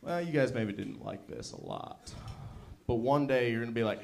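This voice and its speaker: A man doing a stand-up set at an open mic, delivering dark one-liners. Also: medium pitch, normal speed, creaky, slight background noise. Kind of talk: stand-up comedy.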